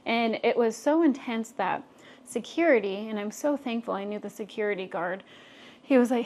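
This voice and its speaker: A young adult woman, co-hosting a podcast and telling a personal story in a casual, animated way with many fillers. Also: on the high side, moderate pace. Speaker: podcast co-host.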